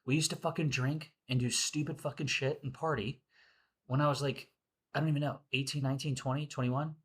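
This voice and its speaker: A man's voice: mid-range voice, fairly even intonation, a little fast, husky. A man in his twenties venting in a casual monologue, heated and profane, repeating himself. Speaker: vlogger.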